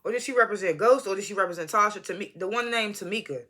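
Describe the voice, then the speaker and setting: A bright, forceful voice from an American vlogger, talking straight into a phone mic indoors. The delivery is loose and rambling, heavy on slang, asides and quick self-corrections, like an off-the-cuff episode review. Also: medium pitch. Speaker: TV show reviewer. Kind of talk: casual rambling video review.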